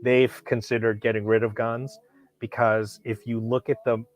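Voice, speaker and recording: A man's voice: medium pitch, flat delivery, normal speed, no room sound. A man vlogging about knives, telling a rambling, profane story with lots of restarts and bursts of animation. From Hollywood, California. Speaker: knife collector vlogger. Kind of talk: casual storytelling.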